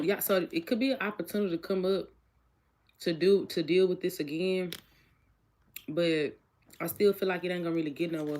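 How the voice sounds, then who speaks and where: A woman's voice: deep voice, a little hiss or hum. A woman giving a casual tarot reading, chatty and repetitive, asking each question aloud and talking straight to her viewers. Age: adult with a child. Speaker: tarot reader.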